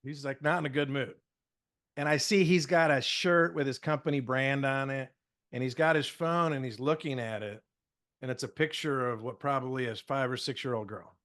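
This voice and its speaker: A middle-aged man telling lively stories in casual podcast chat, acting out the dialogue as a communication trainer. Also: mid-range voice, moderate pace. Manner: lively, acts out dialogue in stories, many fillers. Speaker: guest speaker and communication trainer.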